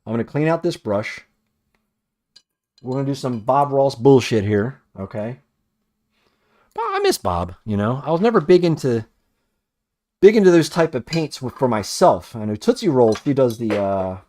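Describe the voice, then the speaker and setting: A man's voice: fairly low pitch, a little mellow. A man casually talking while painting a toy in a cluttered workroom, rambling, swearing often and criticizing his own work. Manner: rambling, profane, self-critical muttering. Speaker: toy customizer.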